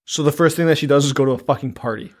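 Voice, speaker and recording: A man's voice: on the high side, racing, darkish tone. A man co-hosting a podcast, recapping a horror film with sarcastic, profane remarks. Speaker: podcast co-host. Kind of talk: casual horror movie chat.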